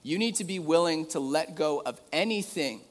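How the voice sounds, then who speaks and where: Speaking at a moderate pace, a male pastor with a slightly higher voice gives a laid-back, conversational sermon peppered with jokes. His voice echoes with a lengthy reverb, suggesting a big hall.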